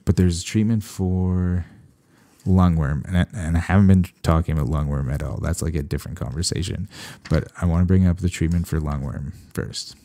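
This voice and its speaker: A man from Canada, a veterinarian hosting a solo podcast, talking casually with animated, sarcastic asides. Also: low voice, moderate pace, dry recording.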